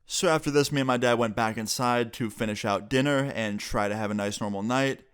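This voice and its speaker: A young man telling a story casually on his vlog, animated and profane, acting out the dialogue he quotes. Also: mid-range voice, fairly quick, smooth. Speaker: storytime vlogger.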